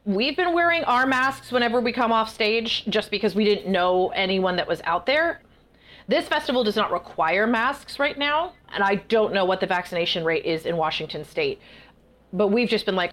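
A woman guest author in a casual interview, telling stories in a chatty, animated way. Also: medium pitch, normal speed. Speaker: guest author and festival performer.

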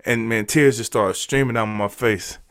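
A man's voice: medium pitch, fairly bright tone, smooth, no echo. A man, telling a personal story in a candid, emotional way, often restarting his words. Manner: emotional, halting, repeats words. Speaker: podcast guest.

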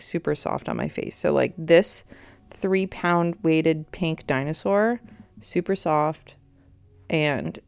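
Lowish gravelly woman podcasting, rambly and chatty, dry close sound, thirties mom vibe. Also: no room sound. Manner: rambling, chatty, easily distracted. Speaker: podcast host. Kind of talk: casual chat.

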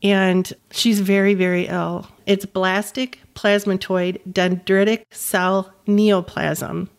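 A woman's voice: mid-range voice, little pitch movement, takes it slowly. A woman in her fifties, a caregiving mother telling her story as an interview guest, earnest and emphatic, repeating words for stress. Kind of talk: personal storytelling in conversation.

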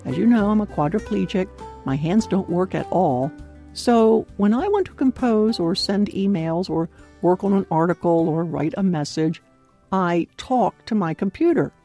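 A woman giving a devotional talk in an earnest, clearly enunciated way, laughing often. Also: on the low side, lively intonation, normal speed, mellow, faint music behind. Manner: clear, carefully enunciated delivery. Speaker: devotional speaker.

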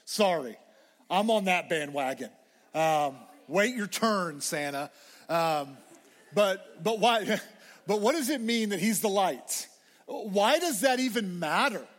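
A young man preaching a conversational, excitable sermon to students, often restarting his phrases. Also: sits high, measured pace. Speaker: campus minister. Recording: hall reverb.

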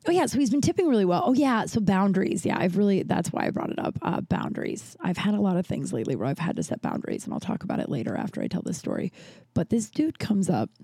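Rambling, chatty woman, mellow voice. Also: mid-range voice, gravelly, no echo, studio quality. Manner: rambling, chatty, swears casually. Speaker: podcast host; festival bartender. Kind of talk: casual storytelling.

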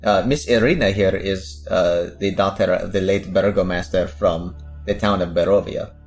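A man's voice: sits low, steady tone, normal speed, a little mellow, faint music behind. A man playing a tabletop game, chatting casually and joking between turns. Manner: joking, offhand. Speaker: player.

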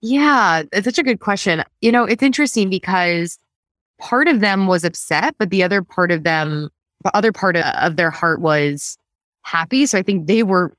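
A woman guest tells her story in a casual interview, animated and quick to laugh. Her voice sits a little low but leaps up when she acts out what others said. The recording is dry and close. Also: no echo. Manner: animated, laughs often, acts out quotes in a higher voice.

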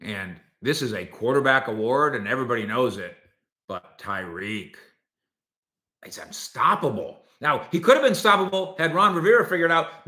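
A man's voice: mid-range voice, normal speed, reverberant. A man hosting a solo sports talk show, arguing his points and talking directly to his listeners. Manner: animated, argumentative, talks to listeners directly. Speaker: sports podcast host.

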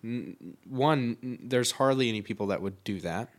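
A man's voice: mid-range voice, normal speed. A man talking candidly in a casual podcast chat, swearing freely and filling his talk with likes and you-knows.

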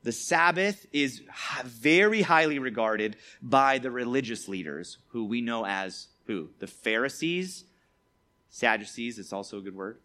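A man's voice: mid-range voice, animated, a little slow, pushed and bright. A man giving a casual Bible lesson as a preacher, chatty and peppered with tag questions. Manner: chatty, peppered with "like" and "all right?". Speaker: youth preacher.

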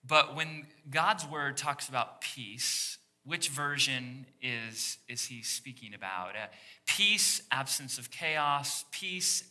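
A man's voice: medium pitch, bright, forceful tone. A man preaching a sermon to his congregation, drawing them in with call-and-response questions and playful teasing asides. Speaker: pastor. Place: church service before a congregation.

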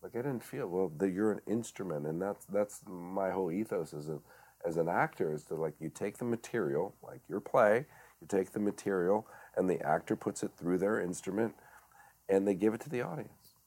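A man's voice: deep voice, moderate pace, darkish tone. A man, a director and actor, talking earnestly in a casual podcast chat, with frequent restarts and fillers. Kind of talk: casual conversation.

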